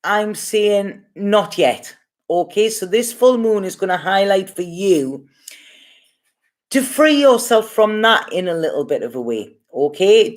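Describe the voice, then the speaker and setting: Chatty Geordie woman reading tarot. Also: mid-range voice. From Gateshead, North East England. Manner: chatty, reassuring, says okay often. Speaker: tarot reader. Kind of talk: casual live tarot reading.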